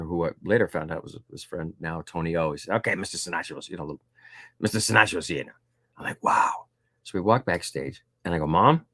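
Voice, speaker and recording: A middle-aged man sits as a guest in an interview, telling stories in a relaxed, rambling way. His voice sits low, and he fills it out with little voiced impressions and plenty of fillers. The sound is dry and close, with no room around it. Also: no echo. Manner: animated anecdotes with voiced quotes and frequent fillers. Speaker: guest author. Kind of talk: casual storytelling interview.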